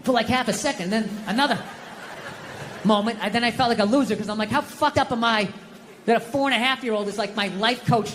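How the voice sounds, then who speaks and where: A man's voice: extremely high pitch, fairly quick, a bit bright. A man performing a stand-up comedy set live on a windy stage, ranting and mocking himself with lots of swearing. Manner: profane, ranting, self-mocking. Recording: reverberant live venue with wind noise.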